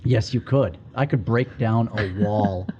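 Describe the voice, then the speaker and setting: A man in his forties with a husky, mellow voice, chatting excitably as a podcast co-host and tripping over his own sentences. The recording sounds a little dull and lo-fi. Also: on the low side, measured pace. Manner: chatty, excitable, restarts often. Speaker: podcast co-host, entertainment director. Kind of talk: casual chat.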